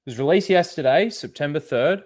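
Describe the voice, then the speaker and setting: A man talking loosely on his own livestream, his voice sitting a little higher than most men's. He rambles through asides and fillers and drops a swear word now and then. The talk is casual reaction commentary, loose and unscripted. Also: animated, a little fast, a little mellow. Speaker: channel host.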